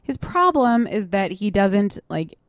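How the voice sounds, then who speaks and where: Chatty, animated woman with a dry close mic. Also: mid-range voice, a little slow, no room sound. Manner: rambling, animated, mimics people for laughs. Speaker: podcast co-host. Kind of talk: casual chat. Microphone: studio microphone.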